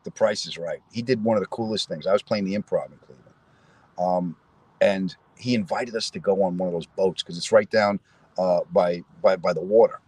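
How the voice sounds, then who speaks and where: A man's voice: low-pitched, a little fast, darkish tone, slightly rough, no room sound, rough recording. A middle-aged man, a comedian, chatting casually with viewers outdoors in a city square and telling stories with asides to his audience. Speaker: comedian host.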